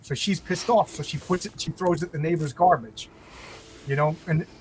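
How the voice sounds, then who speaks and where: A man in casual chat, retelling a TV show in a rambling, animated way, full of restarts and quoted lines. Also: on the high side, normal speed, rough recording. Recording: faint background noise.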